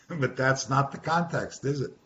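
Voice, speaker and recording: Slow, conversational man teaching scripture. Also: mid-range voice, fairly bright tone. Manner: conversational, repeats words, asks the group questions. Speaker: Bible teacher. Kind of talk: informal Bible study teaching. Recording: dull lo-fi recording with faint hiss.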